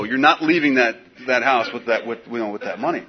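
A middle-aged man sharing his recovery story at a meeting, in a casual, slangy, animated way with lots of fillers. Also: fairly high pitch, a little fast, a crowd in the background. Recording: dull lo-fi recording.

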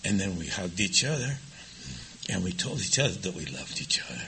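A man sharing his own story of recovery with a live audience, confessional and self-mocking, swinging between hushed, quiet passages and loud laughing ones. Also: deep voice, very animated, fairly quick, slight background noise, rough recording.

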